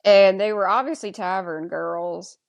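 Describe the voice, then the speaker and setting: Her mid-range voice is gravelly and a little slow, and the recording sounds lo-fi. As a podcast co-host, she chats casually through a TV episode recap, sharing firm opinions and seeking her co-host's take.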